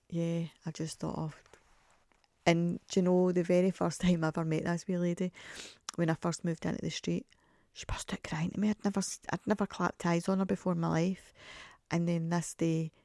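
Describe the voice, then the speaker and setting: Chatty gravelly woman. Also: lowish voice, dark tone, no echo, studio quality. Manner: chatty storyteller, laughs often, acts out quoted voices. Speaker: podcast host. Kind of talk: casual solo podcast chat.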